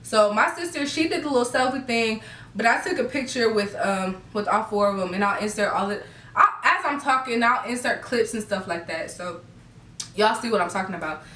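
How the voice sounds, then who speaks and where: A woman's voice: fairly high pitch, a little fast, pushed and bright. A young woman, gushing and giggling as she tells her viewers a story in a casual vlog. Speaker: vlogger. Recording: echoey room, a bit far from the mic.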